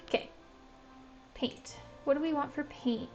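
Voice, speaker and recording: A woman's voice: high voice, a little slow, highs cut off, soft background music. A woman streaming a building game, chatting casually to herself with lots of "like" and a self-described Valley Girl way of talking. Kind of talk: casual gameplay commentary.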